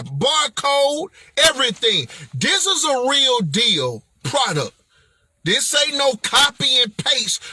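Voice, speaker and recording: High-voiced, emphatic motivational man. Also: sharp tone, breathy edge. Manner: emphatic, preachy, slangy and playful. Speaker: motivational speaker and self-published author. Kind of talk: motivational vlog monologue.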